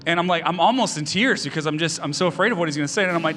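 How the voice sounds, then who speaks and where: A man in his thirties, a pastor giving an earnest sermon, often soft-spoken and picking up speed when telling stories. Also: on the high side, racing, few pauses, soft background music. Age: 30s.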